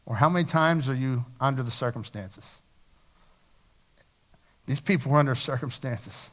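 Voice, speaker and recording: A middle-aged man preaching a sermon, talking in a conversational way and slowing down to stress scripture lines. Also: mid-range voice. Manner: conversational preaching, rising to emphatic slowed scripture reading. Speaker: pastor.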